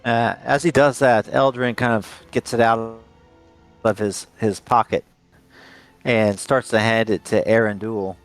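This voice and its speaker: A man running a tabletop role-playing game as game master, narrating the action haltingly with fillers and restarts. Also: lowish voice, fairly even intonation, faint music behind.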